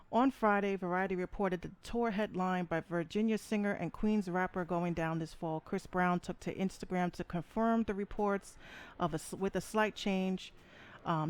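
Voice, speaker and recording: A woman hosting a live podcast, ranting in a blunt, profane and emphatic way, repeating her points. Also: on the low side. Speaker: podcast host. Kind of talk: opinionated live podcast rant.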